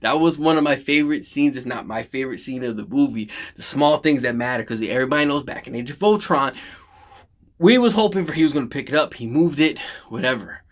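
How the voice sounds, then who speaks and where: A man giving an excited, casual recap of a film's big battle as a reaction host, swearing freely and acting out the characters' lines. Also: medium pitch, a little fast. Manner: animated, swears freely, acts out lines from scenes.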